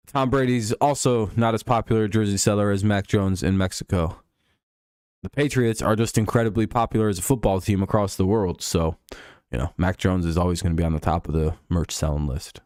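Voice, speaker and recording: A man's voice: on the low side, fairly even intonation, a little fast, darkish tone, smooth, no echo, clean studio sound. A man hosting a casual live stream, riffing sarcastically and swearing freely. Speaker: podcast host.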